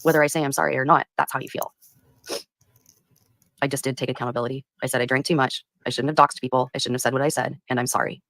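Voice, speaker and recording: A woman's voice: rumbling low, fairly even intonation, fast, a bit bright, no room sound. A woman livestreamer speaking defensively and close to tears. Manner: defensive, tearful. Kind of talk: live stream replayed.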